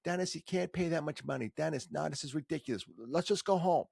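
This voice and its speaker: Man doing an elderly New York mother, high and nagging, gravelly, dry close sound. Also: fast talker, darkish tone, dry recording, heavily acted. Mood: fretting. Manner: nagging, pleading. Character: fretful thrifty elderly mother, around seventy.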